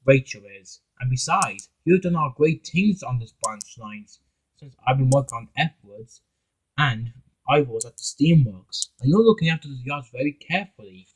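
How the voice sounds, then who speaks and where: A man's voice: medium pitch, expressive, normal speed, husky, poor audio. James, a man voicing a stern scolding engine. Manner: lecturing, stumbling over words.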